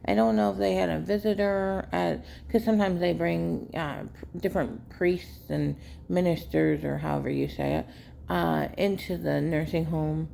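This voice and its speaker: A woman telling viewers a rambling family story in a casual, unhurried way with many fillers. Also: on the low side, steady tone, vocal fry, dark tone, slight background noise. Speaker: vlogger, caregiver daughter.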